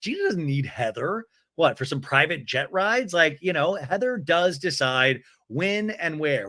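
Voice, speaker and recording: Man, podcast host, gossipy recap, lively swooping pitch, bright voice. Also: normal speed, few pauses. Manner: animated, gossipy, switches into mocking voices. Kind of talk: comedic recap commentary.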